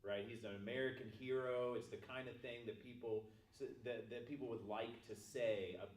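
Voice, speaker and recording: A man's voice: mid-range voice, steady tone, moderate pace, darkish tone. A man joining a lecture discussion, speaking thoughtfully and with some hesitation. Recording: echoey room from far off.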